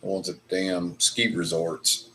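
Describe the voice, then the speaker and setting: A man's voice: deep voice, steady tone, slow, bright, forceful tone, a little hiss or hum. A middle-aged man hosting a livestream, chatting casually over whiskey in a rambling, profane ranting way. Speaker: livestream host. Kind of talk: casual chat while drinking whiskey.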